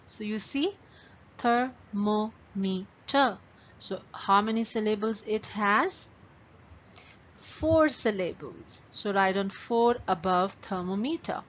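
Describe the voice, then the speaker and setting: Taking it slowly in a medium-pitched voice, a woman guides young students through step-by-step instructions, stretching each word out syllable by syllable with patience. Faint background noise comes through the dull, lo-fi recording.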